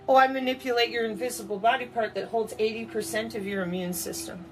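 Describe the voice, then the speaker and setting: A woman's voice: fairly high pitch, steady tone, fast, a little hiss or hum. A woman in a mocking, profane monologue to camera, full of sarcasm. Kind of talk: ranting monologue.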